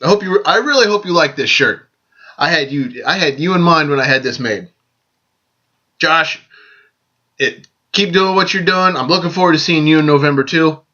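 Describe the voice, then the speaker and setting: Man, casual vlog shout-outs, friendly and joking, bright voice, dull lo-fi sound. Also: on the high side, expressive, normal speed, pauses often. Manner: friendly, joking, stumbles and repeats phrases. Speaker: vlog host giving birthday shout-outs.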